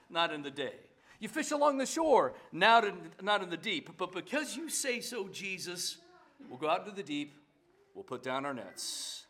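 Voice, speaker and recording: Animated high-voiced male pastor preaching. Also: normal speed. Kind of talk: sermon.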